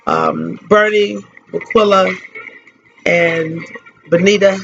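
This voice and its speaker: Grieving slow-spoken woman on radio. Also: on the low side, huge pitch swings, slight background noise. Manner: grieving, halting, repeats phrases. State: tearful. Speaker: radio host giving a tribute. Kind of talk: emotional spoken tribute. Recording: dull lo-fi radio recording.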